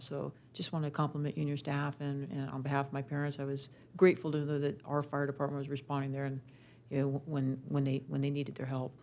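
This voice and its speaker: Council member, gravelly, flat intonation, chatty, personal, faint noise. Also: mid-range voice. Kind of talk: council meeting remarks.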